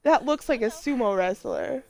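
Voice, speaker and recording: A woman's voice: a little high, expressive, normal speed, vocal fry, warm tone. A woman giving casual, rambling commentary over a life-sim game, telling personal stories, swearing casually and exclaiming at what happens on screen. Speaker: let's play vlogger.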